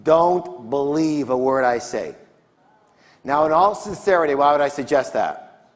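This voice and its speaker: A man's voice: fairly high pitch, animated, measured pace. A man giving a motivational seminar talk on stage, drawing call-and-response answers from his audience. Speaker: seminar speaker. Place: large conference hall, on stage. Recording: long reverb of a large hall.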